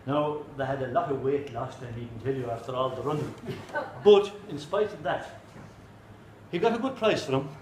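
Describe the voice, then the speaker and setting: A man with an Irish accent telling a folk tale live in an animated way, full of comic asides. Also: medium pitch, moderate pace, roomy sound, a little hiss or hum, low-quality recording. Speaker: storyteller.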